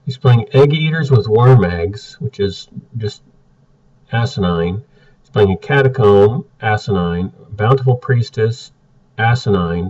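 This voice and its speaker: A man's voice: on the low side, expressive, measured pace, a little mellow. A man giving blunt, exasperated casual commentary as he reviews card game decks. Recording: muffled, distant from the mic.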